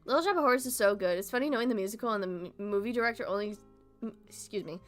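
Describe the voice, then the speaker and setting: A woman's voice: mid-range voice, fast, soft background music. A young adult woman streaming a casual chat, talking animatedly with heavy swearing and frequent laughter.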